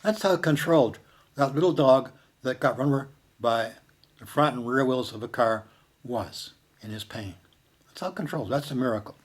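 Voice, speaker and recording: Older man telling a reflective story. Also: mid-range voice. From Canada. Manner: slow, reflective, with hushed quoted lines. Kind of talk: personal storytelling monologue.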